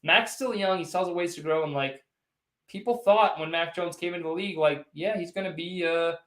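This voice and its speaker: This sports livestream host has a slightly high, fairly bright voice and talks fairly quickly. In an echoey room, he rambles and teases through a casual postgame stream, replying directly to viewers' chat messages.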